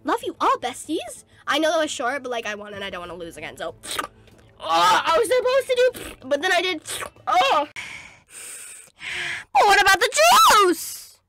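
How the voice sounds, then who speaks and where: A woman doing casual gaming commentary, excitable and slangy, squealing at her wins. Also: high voice, fairly quick, over music. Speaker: gaming video creator.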